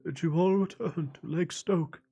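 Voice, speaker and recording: A man voicing a senile, guilt-ridden old knight in a dramatic reading of a text game, with a faint, slow, wavering voice. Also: a little high, gravelly, warm tone, husky, voice pushed up, full character voice. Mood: dazed.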